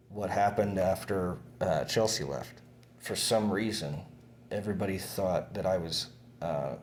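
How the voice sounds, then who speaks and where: Rambling, cursing young man, very deep voice. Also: darkish tone, slight background noise. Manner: rambling, profane, many fillers and restarts. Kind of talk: casual monologue recounting events.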